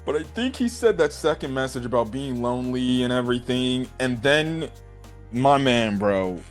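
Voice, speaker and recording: Excitable young guy reviewing anime. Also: mid-range voice, normal speed, faint music behind. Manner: excited, rambling, says "bro" and "right?". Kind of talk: casual episode review.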